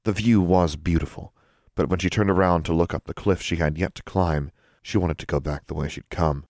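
A man narrating an audiobook in a steady, even storytelling voice. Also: low-pitched, fairly quick, no echo, clean studio sound.

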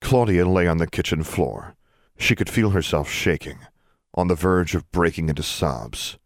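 A man reading a story aloud as a narrator, in even, measured storytelling. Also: sits low, no echo, clean studio sound. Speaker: audiobook narrator. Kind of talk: scripted narration.

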